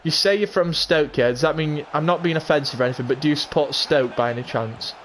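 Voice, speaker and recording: A man chatting casually on a live game stream, excitable and calling out viewers by name to ask their opinions. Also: on the high side, fast, a little hiss or hum. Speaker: gaming livestreamer.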